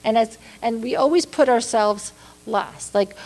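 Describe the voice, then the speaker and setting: A woman's voice: a little high, a little slow, darkish tone. A woman giving a public lecture in a library hall, earnest and direct, checking in with her listeners often. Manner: earnest, repeats "okay?" and "right?" to check in with listeners. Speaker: speaker on caregiving.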